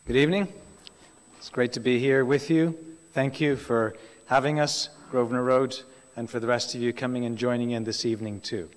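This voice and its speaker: Give me a man preaching in a relaxed, conversational way, with a long hall echo behind him. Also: medium pitch, normal speed. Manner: chatty, asides and questions to the congregation. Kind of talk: sermon. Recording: reverberant hall.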